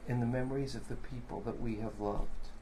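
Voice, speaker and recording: A psychotherapist speaking in an earnest, measured way about memory and the people we have loved. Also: male voice, mid-range voice, fairly even intonation, warm tone, a little hiss or hum, poor audio. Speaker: psychotherapist and co-host. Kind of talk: reflective speech.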